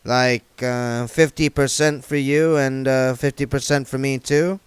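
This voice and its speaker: A man doing a slow, mumbling street hustler. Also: mid-range voice, fairly even intonation, smooth, dry recording, lightly acted. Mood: wheedling. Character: shifty middle-aged male street hustler, mournful.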